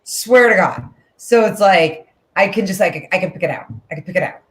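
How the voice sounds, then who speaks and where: Woman comic, thirties, chatty and animated, echoey room. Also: on the low side, brisk. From Newton, Massachusetts. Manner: chatty, animated, many fillers and restarts. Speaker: guest comedian. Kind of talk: casual interview chat.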